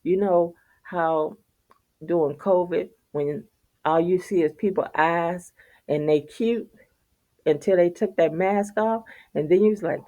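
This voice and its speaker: A woman's voice: fairly low pitch, measured pace, warm tone, dull audio. A middle-aged woman, telling viewers a casual, profane story and laughing often. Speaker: vlogger.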